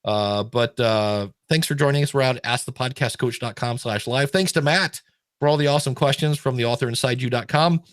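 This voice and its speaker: Middle-aged male podcast host, casual animated storyteller, dry close mic. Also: medium pitch, brisk, no echo. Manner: animated, stumbling restarts when excited.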